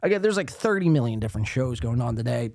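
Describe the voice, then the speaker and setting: A man's voice: mid-range voice, very animated, quick pace, vocal fry, a little mellow, no room sound, studio quality. A man from the East Coast hosting a podcast, reacting sarcastically to a livestream and reading chat aloud with plenty of swearing. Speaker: podcast host. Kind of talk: casual commentary on a livestream.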